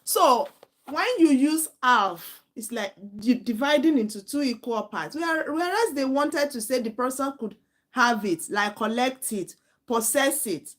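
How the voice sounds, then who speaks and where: A woman's voice: sits high, animated, measured pace. A woman in her thirties gives a live online lesson. Her manner is earnest and direct, and she repeats warnings to drive them home. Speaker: IELTS tutor.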